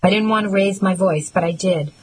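A woman reading a first-person novel aloud in a measured, earnest and reflective way. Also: mid-range voice, a little mellow, a little hiss or hum, low-quality recording. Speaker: audiobook narrator.

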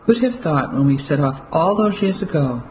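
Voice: medium pitch, animated, normal speed, darkish tone, slight background noise, natural voice, low-quality recording. A narrator voicing a practical, kindly older woman speaking matter-of-factly.

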